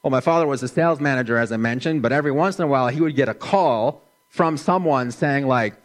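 A middle-aged man preaching a sermon in a slow, gentle, measured way, dropping his voice softly for emphasis. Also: mid-range voice. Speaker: pastor.

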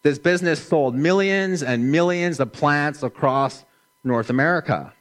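A middle-aged man preaching a sermon in a slow, gentle, measured way, dropping his voice softly for emphasis. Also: a little high. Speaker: pastor.

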